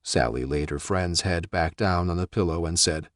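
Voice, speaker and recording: A man reading a novel aloud as audiobook narrator, measured and expressive. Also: rumbling low, no room sound, clean studio sound.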